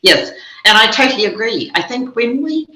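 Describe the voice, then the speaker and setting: Bright-voiced New Zealand woman, echoey. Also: a little high, big pitch swings, normal speed. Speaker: spiritual teacher guest. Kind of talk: reflective interview conversation. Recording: dull echoey recording.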